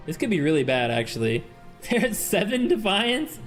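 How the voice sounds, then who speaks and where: Excitable male streamer playing a game. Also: fairly high pitch, moderate pace, faint music behind. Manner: excitable, laughing, reads game text aloud.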